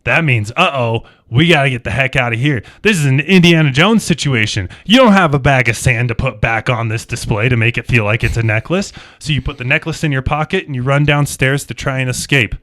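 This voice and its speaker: A man running a tabletop game as game master, narrating the scene in a dramatic, animated way. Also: mid-range voice, fairly quick, hardly any pauses. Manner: dramatic, animated storytelling with second-person narration.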